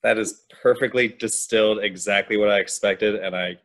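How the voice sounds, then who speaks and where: A man's voice: lowish voice, fairly even intonation, moderate pace, fairly bright tone. A man hosting an interview, asking casual questions with laid-back, wry reactions. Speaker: interview host.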